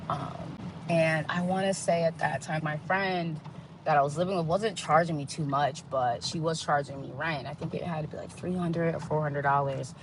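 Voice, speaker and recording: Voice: mid-range voice, background noise. A podcast host giving a candid personal testimony, acting out the voices of the people in the story. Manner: candid, acts out quoted dialogue.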